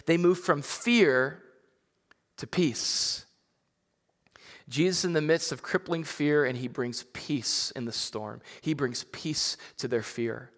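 A pastor giving a sermon in a conversational way, repeating words and building to emphatic, rising peaks. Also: male voice, fairly high pitch, a bit bright, in a large hall.

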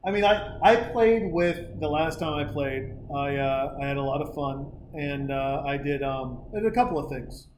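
Man, high voice, rambling comic storyteller, podcast host, swears, roomy echo. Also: animated, normal speed, hardly any pauses, darkish tone, a little hiss or hum. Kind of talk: casual comedic chat.

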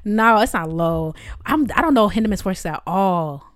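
A young woman co-hosting a casual chat, dramatic and slangy, often out of breath, with loud laughs and gasps. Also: medium pitch, lively intonation, normal speed, no room sound, clean studio sound. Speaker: podcast co-host.

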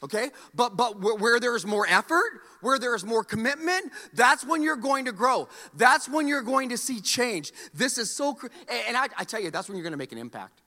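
Male pastor, animated sermon delivery with call-and-response, swooping expressive pitch. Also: normal speed, few pauses, in a large hall. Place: church sanctuary.

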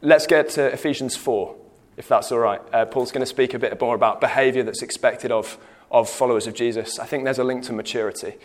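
A man's voice: mid-range voice, brisk. A man leading a Bible study in a church hall, explaining a passage with frequent "okay"s and restarts. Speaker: Bible teacher.

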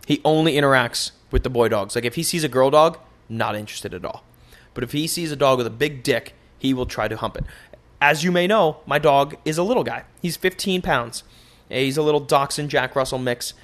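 A young man hosting a casual solo podcast, joking and cursing through loose, animated stories. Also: mid-range voice, brisk. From United States. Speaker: podcast host.

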